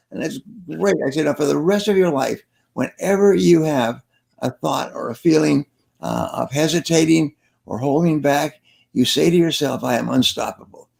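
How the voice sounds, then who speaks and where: A man's voice: on the high side, normal speed, creaky. An older man, a sales trainer being interviewed, telling stories and giving advice in an earnest way, repeating key phrases for emphasis. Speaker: sales trainer and guest speaker.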